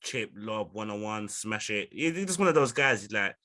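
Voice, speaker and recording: Man, fairly low voice, bright tense tone, emphatic guest. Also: normal speed. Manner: emphatic, lively storytelling. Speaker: podcast guest. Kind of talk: casual chat.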